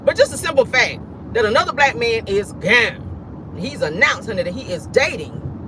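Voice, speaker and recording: A man's voice: sits high, lively intonation, fairly quick, background noise. A man hosting a casual celebrity gossip show, sassy and profane, laughing often and calling his viewers "y'all" and "honey".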